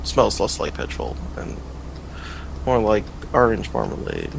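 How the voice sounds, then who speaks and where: A man's voice: fairly low pitch, huge pitch swings, measured pace, gravelly, noisy background. A man co-hosting a casual podcast, drawling as he reads things aloud. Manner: drawling, reads things out while looking them up. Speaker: podcast co-host. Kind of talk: casual chat.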